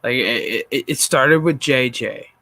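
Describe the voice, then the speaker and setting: Fed-up guy ranting and swearing at a panel, bright edgy voice, dry mic. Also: medium pitch, a little slow, no room sound. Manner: exasperated, profane, frequent sighs. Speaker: streamer reacting to a panel. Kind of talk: ranting reaction commentary.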